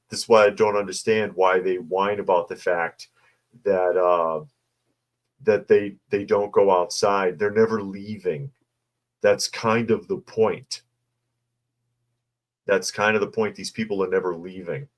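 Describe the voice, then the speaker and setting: A man hosting a casual livestream, reading news and viewer comments aloud and adding snarky asides. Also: deep voice.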